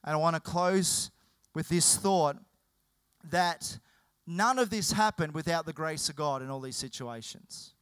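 A man's voice: fairly high pitch, a little slow, fairly bright tone, smooth, dry recording. A male pastor preaching a sermon, emphatic and repetitive.

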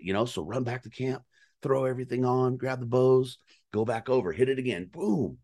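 A man telling a hunting story in casual chat, animated and profane, acting out calls and his own reactions. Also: mid-range voice, fairly quick, gravelly. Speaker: guest storyteller on a hunting podcast.

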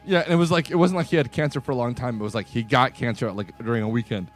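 A podcast co-host with a fast, mid-range voice tells stories in casual chat, animatedly acting out what people said. Faint rock music plays behind him.

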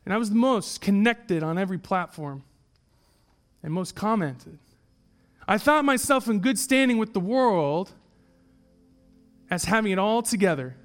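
A man's voice: sits high, expressive, measured pace, pauses often. A man reading as a regretful soul in heaven. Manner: pleading, repetitive. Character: ashamed man pleading, empty-handed in heaven.

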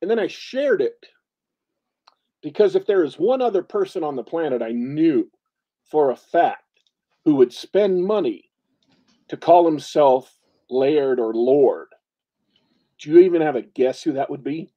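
A podcast co-host in a casual chat, this man has a slightly high, warm voice with lively intonation. He speaks a bit slowly with long pauses, rambling, laughing often and restarting sentences. The lo-fi recording sounds dull.

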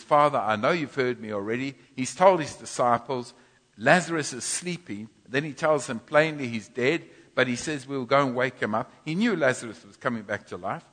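A man preaching a sermon in a church, teaching from scripture with animated bursts of loud groaning. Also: medium pitch. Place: church hall. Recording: long church reverb.

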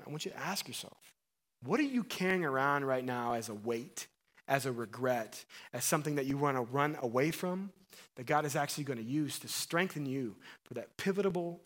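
A man preaching a sermon in an earnest, conversational way, rising to emphatic bursts and dropping to quiet asides. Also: medium pitch. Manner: restarts and fillers, conversational. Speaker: pastor.

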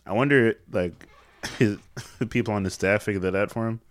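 A man's voice: fairly low pitch, moderate pace. A man co-hosting a casual comedic chat, making dry sarcastic quips. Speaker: podcast co-host.

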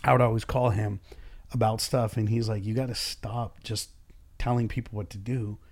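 A man's voice: fairly low pitch, little pitch movement, normal speed, darkish tone. Man, business owner, blunt, curses a lot, acts out dialogue, casual podcast chat.

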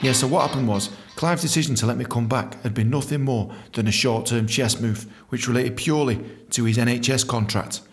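A young man hosting a podcast, telling a story in an animated, swearing way and acting out other people's voices. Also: mid-range voice, a little fast, soft background music. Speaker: podcast host. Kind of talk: casual storytelling.

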